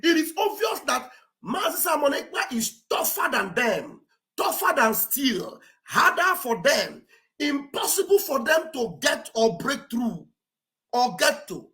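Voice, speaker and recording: Shouting, sarcastic high-voiced woman. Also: big pitch swings, normal speed. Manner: sarcastic, shouting and wailing in mock despair. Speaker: online show host. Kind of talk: mocking live-stream commentary. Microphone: live-stream setup.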